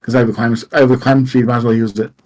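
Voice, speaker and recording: Halting man playing a tabletop game. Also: medium pitch, steady tone, darkish tone, rough recording. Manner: casual, halting. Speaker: player. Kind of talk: casual tabletop play.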